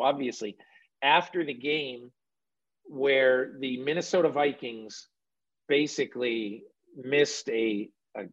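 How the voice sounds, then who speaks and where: In dull-sounding audio, a medium-pitched man hosts a conversational radio interview. His talk is loose and rambling, with self-corrections as he goes.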